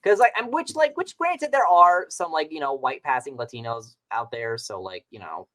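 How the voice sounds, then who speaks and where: A man from Long Island co-hosting a podcast, reacting excitably and emphatically in casual chat. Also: fairly high pitch, normal speed. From Long Island, New York. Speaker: podcast co-host.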